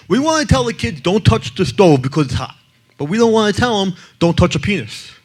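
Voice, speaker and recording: A man speaking to an audience as a child abuse prevention advocate, telling blunt stories with jokes and acting out the people in them. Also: on the high side. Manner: blunt and brash, acts out other people in his stories. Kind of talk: blunt talk with joking stories.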